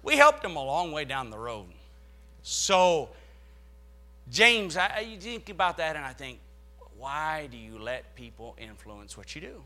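A pastor preaching from the pulpit, his fairly high man's voice swooping up and down with great animation. His tone is bright and forceful, and he reads scripture and then builds his points into loud, dramatic swells. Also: very animated, unhurried. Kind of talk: sermon.

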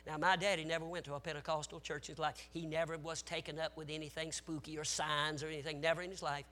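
A man preaching a sermon, telling stories with strong feeling, swinging from shouted exhortation to hushed tones, with folksy asides to the congregation. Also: fairly high pitch, level tone, quick pace.

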